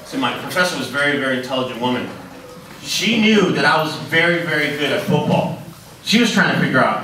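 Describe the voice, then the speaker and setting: A man giving an energetic motivational talk to students, telling his story and asking the audience questions. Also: fairly high pitch, fast, crowd noise. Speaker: motivational speaker. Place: middle school hall. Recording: very echoey, distant, noisy hall.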